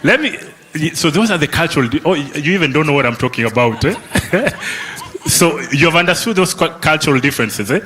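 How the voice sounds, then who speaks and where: Fairly high-pitched and animated, this Kenyan man speaks a little fast with a sharp tone. As facilitator of a youth summit session in a conference hall, he teases the audience and tags his questions with "eh?" and "okay?" in lively exchanges.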